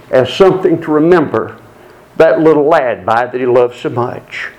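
Earnest preacher with a fairly high voice. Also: male voice, a little mellow, poor audio. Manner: earnest, deliberate delivery with slow dramatic pauses. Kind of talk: sermon.

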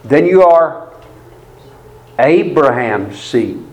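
A man's voice: on the high side, expressive, very slow, darkish tone, rough recording. A man preaching a sermon, retelling a scripture story with emphatic repetition. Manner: emphatic, repeats phrases for stress, storytelling.

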